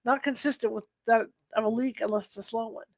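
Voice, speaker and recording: A woman's voice: a little high, fairly even intonation, fast talker, darkish tone, no room sound. A woman reading the lines of a matter-of-fact male city water worker in a storybook, explaining plainly and confidently.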